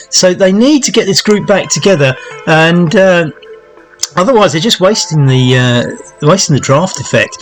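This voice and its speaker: A man giving relaxed, chatty live commentary on a virtual cycling race, calling out gradients with plenty of fillers. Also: a little high.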